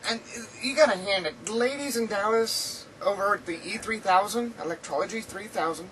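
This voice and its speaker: A woman's voice: mid-range voice, moderate pace, hardly any pauses, a bit bright, recorded from a distance, a little hiss or hum, rough recording. A woman chatting casually in a rambling video diary from home, laughing often, her throat dry and sore. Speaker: vlogger. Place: indoors at home.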